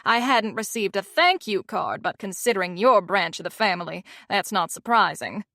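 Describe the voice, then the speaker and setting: A woman doing a gravelly old Southern aunt. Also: medium pitch, animated, normal speed, fairly bright tone, dry recording, clean studio sound. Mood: haughty. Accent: thick Southern US. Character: prim, disapproving elderly Southern great-aunt.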